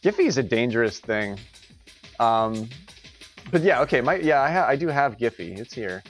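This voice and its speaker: A man's voice: medium pitch, sing-song, normal speed, faint music behind. A young man hosting a live-streamed game tournament, rambling casually, joking and laughing often between his words.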